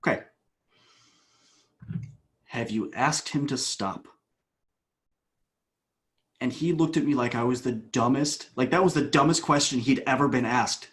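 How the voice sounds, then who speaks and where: A man in a podcast interview, a coach recounting a session at length. His voice sits mid-pitch, and he moves from quick excited bursts to quiet, hushed asides. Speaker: guest, coach.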